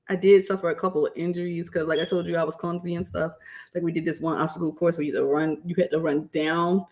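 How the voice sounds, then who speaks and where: A woman telling her own stories in a casual, lively vlog, laughing often. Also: lowish voice, vocal fry. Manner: lively, laughs often, acts out quotes in raised voice.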